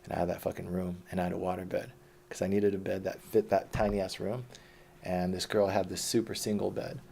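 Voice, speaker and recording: A man's voice: sits low, little pitch movement, fairly quick, creaky, darkish tone, a little hiss or hum. A man telling his life story in a rambling, profane, casual monologue.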